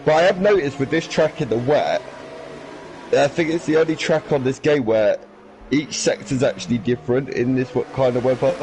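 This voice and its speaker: A man commentating a sim racing league race in a chatty, animated way, arguing his point. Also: medium pitch, moderate pace, slight background noise, low-quality recording.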